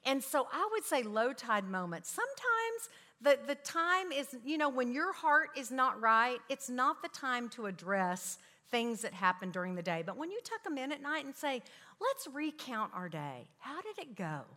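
A middle-aged woman speaking to parents, telling family stories with animated energy and acting out her children's voices. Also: high-pitched, normal speed. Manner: animated storytelling, acts out her kids' voices. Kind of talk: talk to parents with anecdotes. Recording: long hall reverb.

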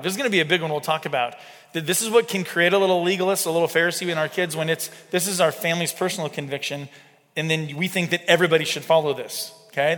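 Middle-aged guy preaching, talky and emphatic, kinda higher voice, big hall echo. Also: fairly bright tone. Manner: conversational and emphatic, with rhetorical asides. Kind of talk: sermon-style teaching. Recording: long hall reverb.

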